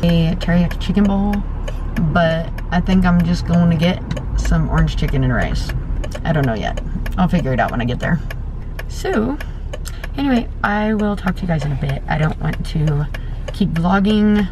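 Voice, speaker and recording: A woman's voice: fairly low pitch, lively intonation, normal speed, noisy background. A woman vlogging casually with a gushing, giggly enthusiasm, first at home and then from her car. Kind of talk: casual vlog chat.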